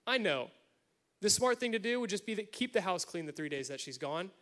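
Earnest high-voiced man preaching. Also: animated, a little fast, pushed and bright. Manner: earnest, explains with everyday examples. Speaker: married speaker at church. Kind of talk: sermon-style talk on marriage.

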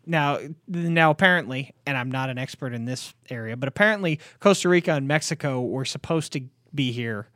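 A man's voice: mid-range voice, lively intonation, brisk, hardly any pauses, fairly bright tone, dry recording, studio quality. A man co-hosting a sports podcast in casual chat, rambling with lots of fillers in an easygoing way. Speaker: podcast co-host.

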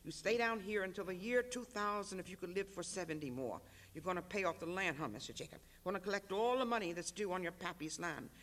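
A reader voicing a pregnant country wife, torn between defiance and prayer, in a live reading of a novel. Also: male voice, high-pitched, fast, fairly bright tone, big-room sound. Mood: defiant.

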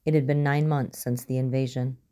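Woman narrator, audiobook reading, low pitch, mellow tone, steady delivery. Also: fairly quick. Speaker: story reader. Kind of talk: audiobook narration of fan fiction.

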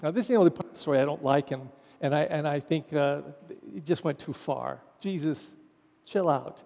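Male pastor, homily, mellow tone, reverberant church, easy conversational delivery. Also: a little high, expressive, moderate pace. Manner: conversational, wry asides. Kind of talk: sermon.

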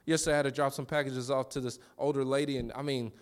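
A man preaching a sermon in a conversational way, with quick restarts and call-and-response to the congregation. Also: medium pitch, flat delivery, smooth. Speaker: pastor.

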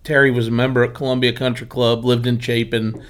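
Animated man telling golf range stories. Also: medium pitch, brisk. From Pennsylvania. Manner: animated anecdotes with acted quotes. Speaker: driving range owner, guest. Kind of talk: casual storytelling.

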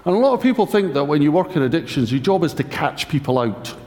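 A man's voice: on the high side, sing-song, fast talker, darkish tone. A man preaching a conversational sermon, wry and anecdotal with self-mocking humour. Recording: echoey hall reverb.

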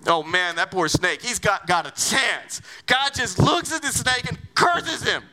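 Brief: male pastor giving a sermon, high, lively voice, conversational and animated, lots of rhetorical questions. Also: unhurried, few pauses, a little hiss or hum.

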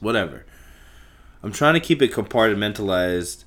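A young man hosting a solo podcast, rambling and swearing casually, talking in circles and breaking into loud shouts. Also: fairly low pitch, lively intonation, unhurried. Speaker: podcast host.

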